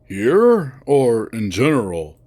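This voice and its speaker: A man playing a sardonic young furry slacker from a visual novel who drawls his lines slowly, his pitch swinging up and down with sarcastic exasperation. The delivery stays dry and unhurried. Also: wildly swooping pitch, dark tone, full character voice. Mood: wry.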